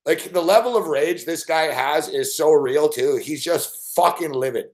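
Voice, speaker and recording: A man's voice: a little high, measured pace. A man hosting a casual stream, reacting to a clip with frequent laughter and profanity. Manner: laughing often, profane, amused. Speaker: host.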